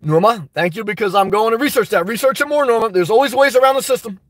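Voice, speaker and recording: A man's voice: extremely high pitch, expressive, very fast, few pauses, dry recording. A man hosting a live stream, reading viewer comments and giving emphatic, fired-up advice. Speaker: YouTube live stream host.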